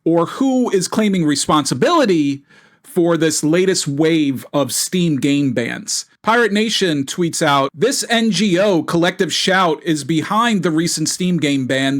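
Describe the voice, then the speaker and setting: A man's voice: fairly high pitch, expressive, a little slow, a bit bright. A man giving an indignant, rambling gaming commentary full of fillers and restarts. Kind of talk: video commentary.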